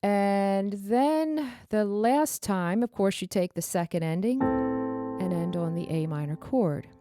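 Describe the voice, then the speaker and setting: Slow-speaking woman piano teacher. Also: medium pitch, animated. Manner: counts and calls out pedal cues over her playing. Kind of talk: piano lesson instruction. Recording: piano music under voice. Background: piano playing.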